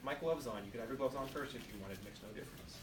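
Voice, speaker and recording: A man's voice: medium pitch, racing, heavy background noise. A man teaching nursing students in a classroom, drilling points through repetition and quizzing the class with questions. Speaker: nursing instructor. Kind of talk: classroom demonstration lecture. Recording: echoey room, mic at a distance.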